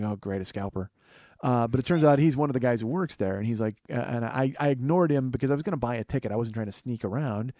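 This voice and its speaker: A man in his forties recounts a story alone at the mic, wry and full of swearing. His voice sits at an ordinary middle pitch, and the sound is close and dry, with no room around it. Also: mellow, no echo. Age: 40s. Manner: profane, wry, acts out other people's voices. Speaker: podcast host. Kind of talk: solo storytelling monologue.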